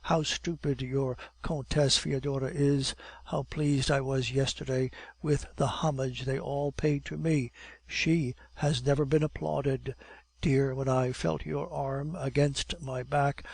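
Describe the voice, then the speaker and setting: A devoted young woman, loving and a little cunning, as read by a man. Her voice is low and gravelly, recorded dry and close. The telling is gentle and earnest, an audiobook read with scarcely any change of voice. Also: steady tone, takes it slowly, no echo, exaggerated voice. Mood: adoring. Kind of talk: audiobook reading.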